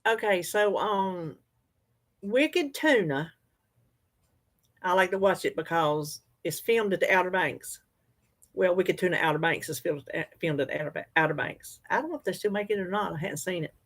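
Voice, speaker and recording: A livestream host from North Carolina, US, this Southern woman talks at a normal speed in a fairly low voice. She keeps things casual, folksy and easygoing, answering viewer comments and laughing easily.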